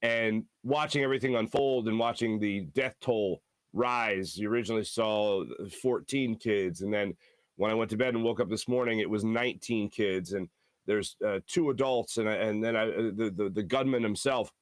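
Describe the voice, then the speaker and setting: Hoarse, low-voiced sports talk host. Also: male voice, no room sound, studio quality. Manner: earnest, halting and heartfelt. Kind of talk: sports talk show monologue. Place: studio.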